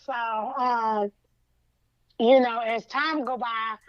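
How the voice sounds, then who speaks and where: A woman podcast co-host casually retelling a fan story, acting out the characters' lines with lively colloquial talk. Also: on the high side, very slow, dry recording, muffled recording. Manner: animated storytelling in colloquial Southern US English, acts out lines.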